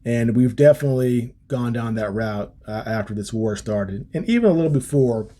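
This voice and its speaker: Lively intonation and a warm tone mark this American man's mid-range voice, which moves at a moderate pace. He's a political podcast host working through a policy paper, commenting casually amid frequent ums, restarts, and wry asides.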